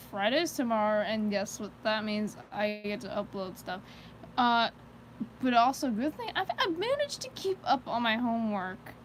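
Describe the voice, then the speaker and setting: A woman's voice: medium pitch, a little hiss or hum, rough recording. A woman chatting casually on a live stream, rambling from thought to thought with plenty of "like" fillers and nervous little laughs. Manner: rambling, heavy use of "like" fillers; nervous self-conscious laughter between thoughts.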